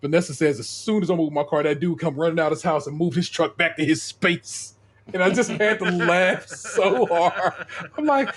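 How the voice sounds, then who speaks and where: A man's voice: fairly high pitch, a little fast. A middle-aged man on a podcast, casually telling a profane story and acting out the people in it. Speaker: podcast co-host.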